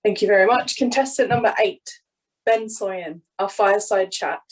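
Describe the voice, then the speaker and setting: Brisk husky woman chairing a contest. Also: mid-range voice, low-quality recording. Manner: brisk, formal. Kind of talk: formal event hosting.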